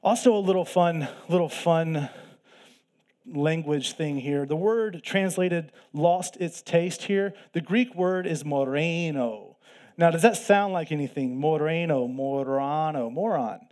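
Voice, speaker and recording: A man's voice: fairly high pitch, a little slow, a little mellow. Emphatic male pastor preaching conversationally. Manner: conversational teaching, emphatic, many restarts. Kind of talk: sermon.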